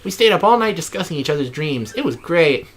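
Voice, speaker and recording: A man's voice: fairly high pitch, big pitch swings, brisk, slight background noise. A man hosting a let's play, reading in-game text with mock drama and joking asides.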